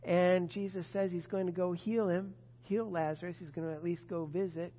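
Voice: medium pitch, flat delivery, normal speed, long reverb tail, dull audio. A preacher giving a sermon, retelling scripture as a story and asking the listeners rhetorical questions. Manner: storytelling with rhetorical questions, addresses a disciple directly.

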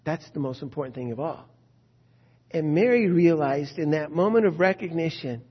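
Pastor guy giving a sermon, kinda husky, slightly high voice, dull lo-fi sound. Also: lively intonation, normal speed, pauses often, big-room sound. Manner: storytelling, then quiet earnest prayer. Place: church sanctuary.

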